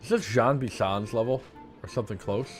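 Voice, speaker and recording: A man's voice: medium pitch, brisk, music in the background. Playful man joking over gameplay. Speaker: gaming video host. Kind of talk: let's play commentary.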